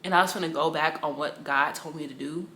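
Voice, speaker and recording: A woman's voice: sits low, fairly even intonation, fast, sharp tone, echoey room, a little hiss or hum. A young woman giving a personal faith testimony in a casual, rambling way, with slang and a lot of repetition. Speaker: Bible study teacher.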